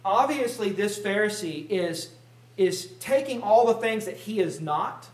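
A man's voice: high voice, animated, unhurried. A male pastor preaching a sermon with emphasis, often repeating words as he presses a point. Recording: roomy sound from a distant mic.

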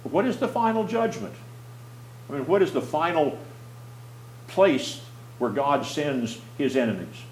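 A man's voice: on the high side, animated, measured pace, long pauses, reverberant, a little hiss or hum, poor audio. A man teaching a Bible class, explaining plainly, often restarting his phrases and putting questions to the class.

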